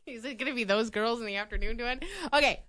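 A woman's voice: fairly high pitch, fast, noisy background. A woman co-hosting a radio show, chatting casually, giggly and self-conscious. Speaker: radio co-host.

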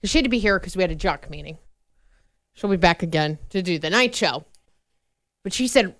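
A woman's voice: lowish voice, lively intonation, fairly quick, long pauses, no room sound, studio quality. A woman co-hosting an afternoon radio podcast, bantering in an easygoing, self-deprecating way. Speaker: radio co-host. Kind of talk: casual chat. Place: radio studio.

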